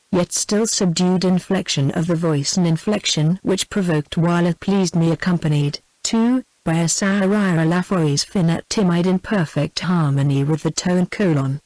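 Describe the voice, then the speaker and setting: A text-to-speech woman's voice with a British English accent, reading a classic novel aloud in an even, measured way. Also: lowish voice, dry recording, poor audio. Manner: even, measured synthetic delivery. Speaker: audiobook narrator.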